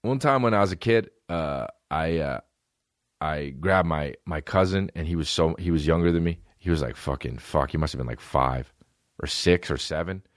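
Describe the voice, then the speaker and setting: A man's voice: very deep voice, moderate pace, no room sound, studio quality. A man hosting a podcast, telling rambling, profane childhood stories in a casual comedic monologue. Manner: rambling, profane, animated storytelling. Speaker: podcast host.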